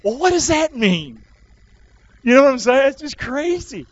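High-pitched animated preacher man. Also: moderate pace, no echo, dull audio. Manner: animated preaching, calls for congregation to repeat. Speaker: pastor. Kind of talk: sermon.

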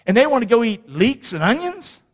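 A man preaching a sermon, quizzing the congregation and rising to shouts at the peaks. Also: very high-pitched, very animated, fairly quick, long reverb tail. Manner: preaching with call-and-response questions to the congregation; rises to shouting at climaxes. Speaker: pastor.

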